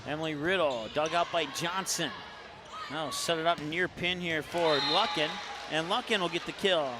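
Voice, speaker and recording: A man with an Upper Midwest American accent doing play-by-play commentary on a high school volleyball match in a gym, calling plays fast and shouting on big points. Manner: rapid calls that rise to shouts on big plays. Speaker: play-by-play announcer. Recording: noisy gym broadcast.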